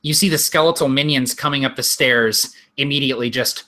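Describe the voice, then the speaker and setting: A man narrating as game master in a tabletop game, describing the action in a lively, vivid way. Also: mid-range voice, a little fast.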